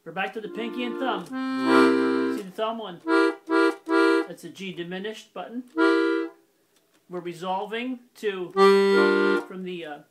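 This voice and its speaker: A man's voice: high-pitched, measured pace, pauses often, over loud music. A man giving a casual accordion lesson, explaining step by step in a plain, methodical way and stopping now and then to correct himself. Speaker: accordion teacher. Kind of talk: casual instructional demonstration. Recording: loud accordion under the voice. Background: accordion playing.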